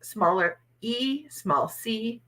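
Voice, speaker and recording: A woman's voice: a little high, very slow, a bit bright, low-quality recording. A woman, hosting a casual livestream from home and laughing often. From Wisconsin. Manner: chatty, laughs often, upbeat. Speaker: livestream host, oracle card reader.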